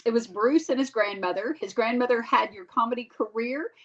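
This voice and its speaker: A woman's voice: on the high side, a little fast. A woman co-hosting a podcast, asking long rambling questions with many fillers. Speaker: podcast co-host. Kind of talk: casual podcast interview. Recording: dull lo-fi sound.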